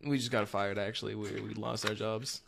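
A man's voice: lowish voice, fairly even intonation, fairly quick, creaky, very noisy. A young man in casual chat with friends, rambling and teasing, full of likes and restarts.

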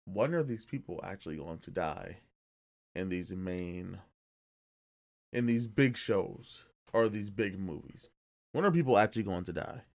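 Male podcast co-host, lower register, very lively delivery, casual jokey banter. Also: unhurried, vocal fry, dry recording. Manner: joking, animated, swears casually.

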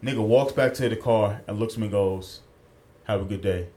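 A man's voice: lowish voice, brisk, warm tone. A man co-hosting a podcast, telling a story in casual chat, acting out the quotes and swearing freely, at a studio mic. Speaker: podcast co-host.

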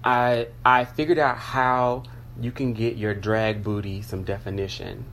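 Man, podcast co-host, mid pitch, teasing storyteller, faint hum. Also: level tone, a little slow, a bit bright. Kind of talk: casual chat.

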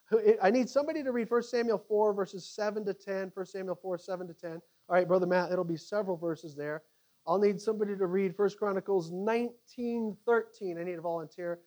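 A man teaching a Bible study to a group, animated and conversational, with frequent halting restarts. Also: sits high.

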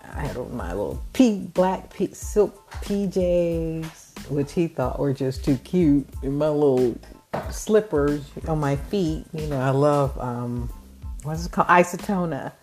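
A woman with a low, unhurried voice tells a personal story, gushing and animated as she goes. Faint music plays softly behind her. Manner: gushing, animated retelling with laughs. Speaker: podcast host.

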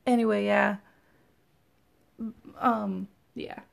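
A woman's voice: mid-range voice, steady tone, extremely slow, gravelly. A woman co-hosting a podcast, chatting casually and hesitantly with frequent ums. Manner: hesitant, trailing off, many ums. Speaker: podcast co-host. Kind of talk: casual chat.

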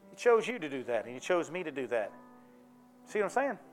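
A pastor with a high, bright-sitting voice delivers a folksy, conversational sermon in church. He keeps asking the congregation if they follow him. A faint instrument plays softly underneath. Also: big pitch swings, brisk, soft background music. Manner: folksy, conversational preaching with call-and-response questions.

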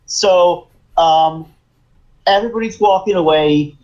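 Male co-host, slightly high voice, relaxed scene-recapping, muffled lo-fi recording. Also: takes it slowly. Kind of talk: casual podcast chat. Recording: dull lo-fi sound.

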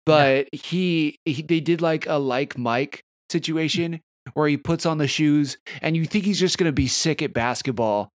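A man's voice: on the high side, measured pace, dry recording, clean studio sound. A man hosting a casual podcast, steering the conversation between topics and laughing along with his co-hosts. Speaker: podcast host. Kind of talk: casual chat.

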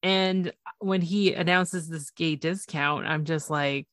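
A woman chats casually as a podcast co-host, easygoing and soft-spoken, with light laughs. Her voice sits a little low. The sound is dry, with no room echo. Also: steady tone, takes it slowly. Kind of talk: casual chat.

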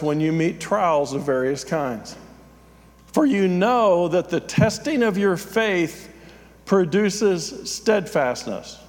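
A man's voice: high voice, big-room sound. A man, a pastor, giving a conversational, self-deprecating sermon with frequent fillers.

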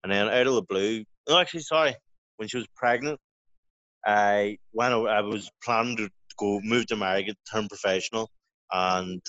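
Low-voiced man telling a rambling story. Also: fairly bright tone, no room sound. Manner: rambling, swearing, full of restarts. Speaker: guest, professional boxer. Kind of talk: casual storytelling interview. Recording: dry, dull lo-fi audio.

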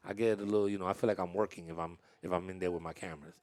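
A man's voice: deep voice, steady tone, racing, darkish tone. A man hosting a casual interview with young dancers, talking in a chatty, storytelling way with frequent laughs and restarts.

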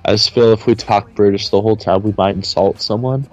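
A man's voice: fairly low pitch, fairly even intonation, brisk, soft background music. Teasing male co-host, slightly dull sound. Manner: teasing, crude banter. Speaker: podcast co-host. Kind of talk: casual chat.

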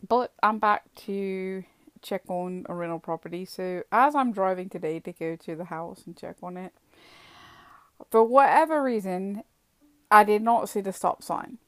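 A British woman telling a personal story in a chatty, animated vlog, acting out the dialogue as she goes. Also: mid-range voice, measured pace, dry recording.

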